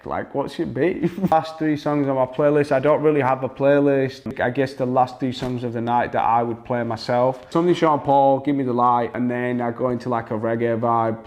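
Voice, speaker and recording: A man from England, a singer as guest, chatting casually in a laid-back, rambling way with many ums. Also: medium pitch. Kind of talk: casual interview chat.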